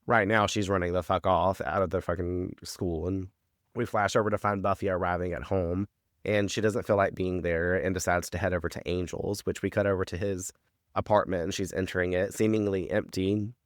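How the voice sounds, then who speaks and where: A man's voice: low voice, fairly even intonation, a little fast, no echo, studio quality. A man co-hosting a podcast, recapping a TV episode in rambling casual chat full of fillers and swearing.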